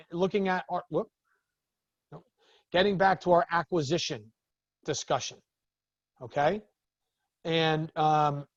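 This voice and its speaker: Male business coach, higher voice, lively storyteller who acts out exchanges, close and dry sound. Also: no echo, highs cut off. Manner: animated storytelling, acts out the other people in his stories. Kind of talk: talking to a group of business owners.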